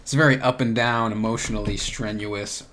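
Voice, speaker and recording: Low-voiced man musing aloud. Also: steady tone, a little fast, fairly bright tone, a little hiss or hum. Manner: musing, searching, many "like" fillers. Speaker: podcast host. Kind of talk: reflective solo monologue.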